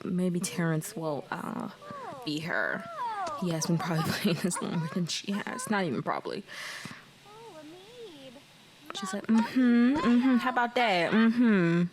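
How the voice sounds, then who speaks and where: A woman's voice: fairly low pitch, animated, a little slow, crowd noise. A young woman giving casual, chatty commentary over a life-sim game, often laughing and apologizing, sometimes slipping into voices for her characters. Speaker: let's play host.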